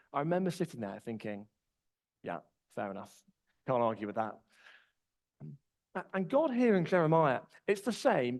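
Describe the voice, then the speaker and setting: A man's voice: medium pitch, gravelly, rough recording. A man, preaching a conversational sermon with personal stories. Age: 20s. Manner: relaxed storytelling, personal anecdotes.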